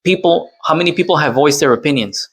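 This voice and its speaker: A man's voice: a little high, fast, a bit bright, slightly rough. A man from Colombia doing reaction commentary, lecturing and repeating his points with tag questions. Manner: lecturing, repeats points with "all right?" and "okay?".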